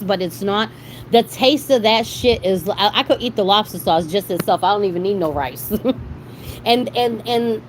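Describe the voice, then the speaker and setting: A woman's voice: mid-range voice, slight background noise, rough recording. Chatty Boston woman on a livestream. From Boston, Massachusetts. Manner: rambling, animated storytelling with frequent restarts. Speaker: livestream host. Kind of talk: casual livestream chat.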